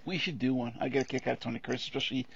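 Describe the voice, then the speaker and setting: A man co-hosts a podcast in loose, irreverent chat, rambling through old films and laughing as he goes. He talks fast, and his voice is gravelly. The audio is dry and dull, like a lo-fi home recording. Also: medium pitch, fairly even intonation, no echo. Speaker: podcast co-host. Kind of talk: casual chat.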